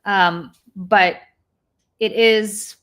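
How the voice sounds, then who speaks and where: A woman's voice: mid-range voice, fairly even intonation, extremely slow, a bit bright, clean tone. A woman co-hosting a casual talk show, giving opinions on politics with many fillers. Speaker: co-host of a live chat show. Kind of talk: casual chat, current affairs.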